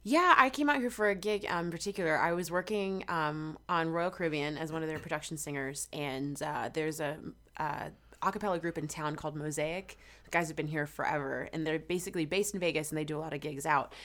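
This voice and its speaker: A young woman from Georgia chats as a guest singer, slightly low in pitch. She tells her stories animatedly, slipping into quoted asides. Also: brisk, fairly bright tone. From Georgia, USA. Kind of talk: casual interview chat.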